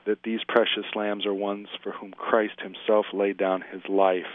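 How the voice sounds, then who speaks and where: A man, a minister, giving an earnest, reflective commentary on scripture and slowing down to dwell on the verses he quotes. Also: fairly low pitch, flat delivery. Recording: tinny phone-line sound, dry.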